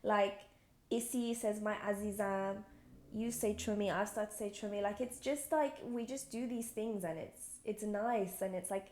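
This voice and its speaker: A woman's voice: medium pitch, steady tone, normal speed, darkish tone, reverberant. A woman co-hosting a podcast, speaking in a gushing, emotional, casual way and laughing often. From Iran. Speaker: podcast co-host. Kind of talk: casual chat.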